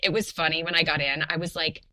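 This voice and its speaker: A young adult woman in a casual podcast interview, telling a personal story in a chatty, animated way with lots of fillers. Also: sits low, fast talker, rough recording. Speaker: podcast guest telling her birth story.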